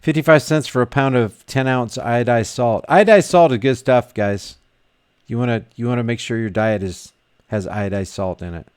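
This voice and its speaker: A man's voice: medium pitch, moderate pace, clean tone. A man vlogging casually, reading viewer comments aloud and rambling with frequent restarts and repeated words. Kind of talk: casual live chat.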